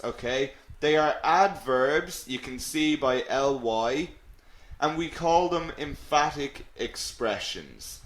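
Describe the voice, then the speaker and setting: Male ESL teacher, slow and animated, checks in with "okay?", roomy echoey sound. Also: a little high. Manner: explains slowly, often checks with "okay?". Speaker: English teacher. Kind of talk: live online lesson.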